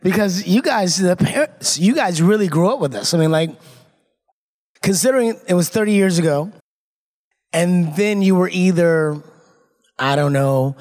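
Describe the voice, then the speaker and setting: A man in his fifties speaking as a guest at a convention panel, energetic and playful, talking straight to the crowd on a stage mic. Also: high voice, normal speed, long pauses, in a large hall. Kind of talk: lively convention panel talk. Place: convention stage before a live audience.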